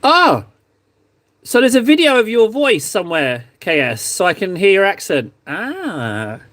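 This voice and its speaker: A man's voice: high voice, sing-song, normal speed, a bit bright, no room sound. An English man streaming and chatting casually with his viewers, self-deprecating and easygoing. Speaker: streamer chatting with viewers while painting miniatures. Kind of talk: casual chat.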